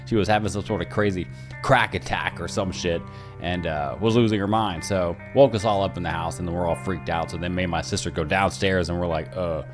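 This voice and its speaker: Man, young, low voice, casual storytelling, profane, animated, faint guitar music. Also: fairly quick. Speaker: host telling his life story.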